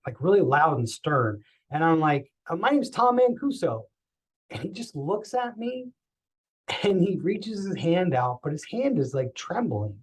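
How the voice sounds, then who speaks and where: A man tells a personal story on a podcast in a slightly high voice. He talks in an animated way, acting out the voices of the people he quotes. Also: moderate pace, poor audio. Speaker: podcast guest.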